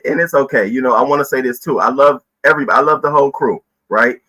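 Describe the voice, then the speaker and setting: Bright-voiced man hosting a casual livestream. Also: medium pitch, fast, poor audio. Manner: chatty, greets viewers by name, often repeats himself. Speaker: host of a live news commentary stream.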